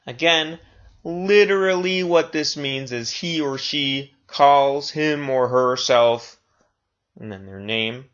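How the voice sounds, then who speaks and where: A man teaching a recorded language lesson, speaking slowly and deliberately and repeating each phrase twice. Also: medium pitch, fairly bright tone. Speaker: Spanish teacher.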